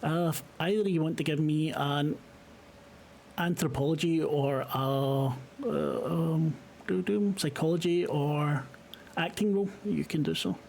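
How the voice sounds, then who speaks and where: A Scottish game master narrates a scene, pausing often and filling gaps with ums. His voice sits a little high, and a faint background hum is present. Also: vocal fry, darkish tone. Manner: halting, full of fillers, swears.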